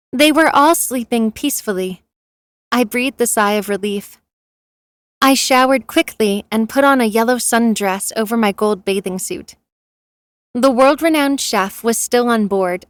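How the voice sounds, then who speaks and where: Woman, storybook narrator, first-person romance, steady plain reading, fairly high voice, dry sound. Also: no echo.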